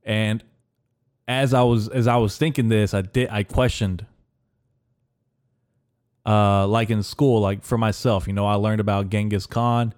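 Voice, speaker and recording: A man hosting a podcast in a rambling, deadpan comedic monologue, halting with fillers. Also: fairly low pitch. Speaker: podcast host.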